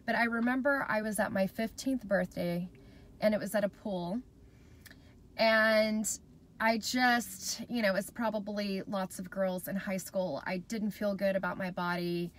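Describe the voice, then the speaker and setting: A woman's voice: mid-range voice, fairly even intonation, unhurried. A woman in her thirties, a mom vlogger, telling a personal story to camera in a chatty, heartfelt way and speaking straight to her viewers.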